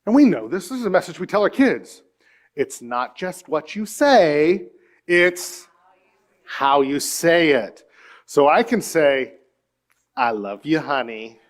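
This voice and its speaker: A middle-aged man preaching a sermon in church, telling stories earnestly and swinging between hushed, quiet moments and emphatic points. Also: on the high side, lively intonation, slow. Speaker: pastor.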